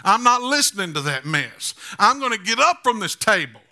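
A man's voice: high voice, big pitch swings, normal speed, bright, forceful tone. A man preaching a sermon as pastor, building to emphatic, repetitive declarations. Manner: repetitive rhetorical phrasing.

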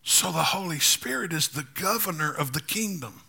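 A man's voice: on the high side, expressive, normal speed, gravelly, sharp tone, slightly rough. A man preaching a sermon as pastor, building to emphatic, repetitive declarations. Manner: repetitive rhetorical phrasing.

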